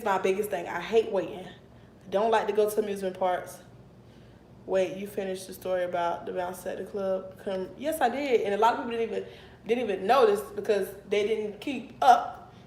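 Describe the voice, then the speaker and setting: A young woman telling a storytime on a livestream, animated and blunt, swearing freely. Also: medium pitch, brisk, slight background noise. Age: young adult. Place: her apartment, indoors. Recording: echoey room.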